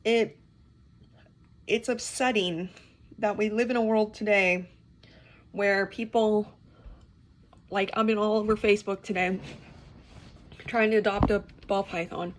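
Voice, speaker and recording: Exasperated young woman, vlog rant, mid pitch, profane, choppy restarts. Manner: exasperated, swearing, talks in restarts. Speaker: reptile keeper. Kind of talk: ranting to camera.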